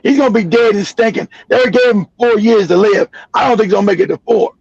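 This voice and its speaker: Middle aged guy ranting on his stream, real high raspy voice, cusses a lot, loud and blunt. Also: quick pace, no echo, dull audio. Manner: blunt, profane, laughs a lot, mimics callers. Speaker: show host. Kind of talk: loud unfiltered commentary.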